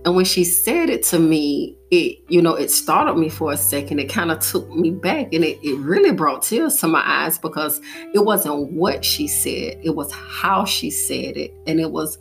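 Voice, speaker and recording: A young woman with a notably low voice gives a heartfelt motivational monologue as a podcast host. She tells her story earnestly, and faint music plays softly underneath. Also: lively intonation, normal speed.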